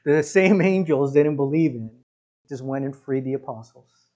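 A man's voice: medium pitch, moderate pace, dark tone, lo-fi sound. A man preaching a sermon in an emphatic, conversational way, talking directly to his congregation. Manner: emphatic, conversational, often says "listen" and "guys". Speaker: pastor.

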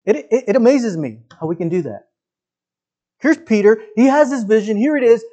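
A male pastor delivers a sermon in a conversational way, putting questions to his congregation. His voice sits high with a sing-song lilt, a warm tone, and a normal speed.

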